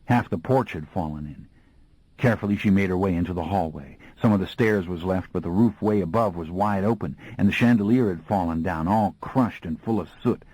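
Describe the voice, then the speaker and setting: A man's voice: low voice, fairly quick, a little mellow, slightly rough, no room sound, low-quality recording. A man reading an audiobook in a folksy, slangy storytelling voice. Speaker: audiobook narrator. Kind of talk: scripted audiobook narration.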